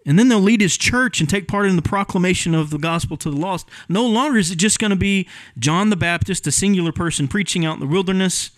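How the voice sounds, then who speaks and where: A male pastor walks through a Bible passage in an earnest, explanatory sermon, pausing on ums as he teaches. His voice sits a little high for a man, and the sound is dry and close, with little room around it. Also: no echo. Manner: earnest teaching, explains word meanings, many fillers. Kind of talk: expository sermon. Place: church sanctuary.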